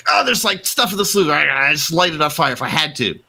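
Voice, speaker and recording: A man's voice: on the high side, expressive, fast talker, creaky, bright, forceful tone, pitched above the performer's own voice, exaggerated voice. A man voicing a panicked doctor in the Old West who stammers and pleads. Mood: frantic.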